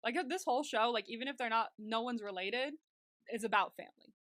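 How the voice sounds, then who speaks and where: Recapping a TV episode, a young woman co-hosts a podcast in a gushing, chatty way, saying "like" constantly. Her voice is on the high side and fairly bright, and she talks quickly. The studio-quality recording has no echo.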